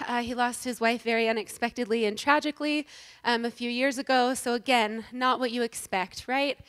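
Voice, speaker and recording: A woman giving a humorous, self-deprecating inspirational talk to a live audience on stage, animated and joking. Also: on the high side, clean tone. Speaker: inspirational speaker at a women's event.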